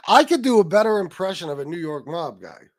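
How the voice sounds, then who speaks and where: A man's voice: high-pitched, very animated, moderate pace, dry recording. A man hosting a livestream, giving a rambling, profane commentary full of fillers. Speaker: livestream host. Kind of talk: ranting commentary.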